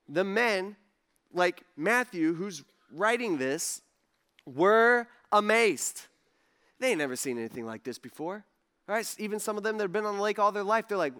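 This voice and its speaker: A pastor with a high, light voice preaches to his congregation in a relaxed, chatty way. He tells the story loosely and jumps into different voices for the people in it. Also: smooth. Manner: casual storytelling, acting out quotes with voices. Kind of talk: sermon.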